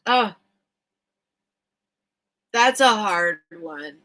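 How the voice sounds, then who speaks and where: A bright, clear-toned woman hosts a late-night live stream and chats casually with her viewers. She speaks slowly and takes her time, reacting warmly and emotionally to each comment she reads aloud. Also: lowish voice, lively intonation, low-quality recording. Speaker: host of a live vintage sale stream.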